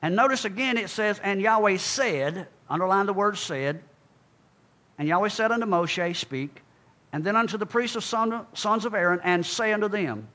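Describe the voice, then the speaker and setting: A man preaching a sermon, speaking emphatically and calling out to his congregation, then dropping low and quiet for asides. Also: normal speed.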